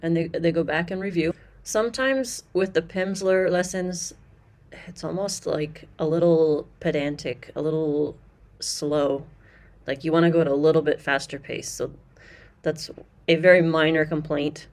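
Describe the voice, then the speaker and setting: Low-voiced woman reviewing a course, chatty. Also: fairly even intonation, measured pace. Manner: chatty, explanatory, with frequent fillers and restarts. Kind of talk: casual review commentary.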